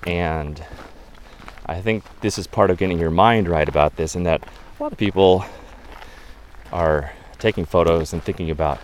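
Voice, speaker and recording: A man's voice: sits low, moderate pace, slight background noise. A man, a photographer who leads photo walks, telling chatty, rambling anecdotes with many fillers in a casual interview.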